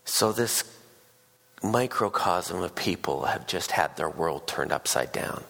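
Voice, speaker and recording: Man, sermon, lowish voice, gravelly, conversational storytelling, reverberant hall. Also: takes it slowly. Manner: casual storytelling, animated voices for quoted people. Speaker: pastor.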